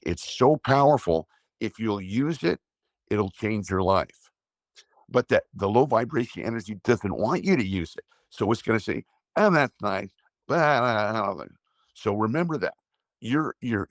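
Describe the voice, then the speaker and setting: A man, an energy healer, calmly guiding a breathing exercise and explaining it in a slow, steady way. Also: lowish voice, gravelly, no room sound, studio quality. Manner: slow, calm guiding with drawn-out pauses. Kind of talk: guided breathing instruction and talk.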